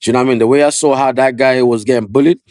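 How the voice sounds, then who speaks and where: A man with a London accent, a barber telling his story in a casual podcast interview, slangy and animated, full of "yeah" and "you know what I mean". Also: medium pitch, racing, dry recording, studio quality. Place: podcast studio.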